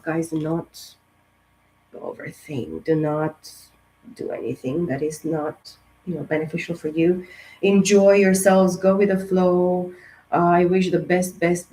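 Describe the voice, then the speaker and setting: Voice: medium pitch, a little mellow, slight background noise, poor audio. A tarot reader talks straight to camera in a casual astrology reading. The speech is loose and rambling, full of fillers and restarts, with direct, encouraging asides. The voice sounds strained and sensitive, as the speaker says it has been lately.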